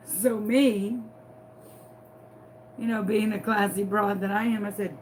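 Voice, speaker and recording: A woman's voice: mid-range voice, measured pace. A woman from New Orleans with a Southern accent, telling a playful, dramatic story as she crafts. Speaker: crafting vlogger. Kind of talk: chatty storytelling while crafting.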